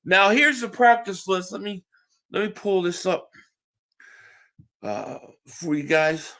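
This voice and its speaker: Guy on a live stream, higher voice, bright, kinda tired from just waking up, chatty with viewers. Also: unhurried. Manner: reads chat aloud and answers viewers, with restarts. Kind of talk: casual live stream chat.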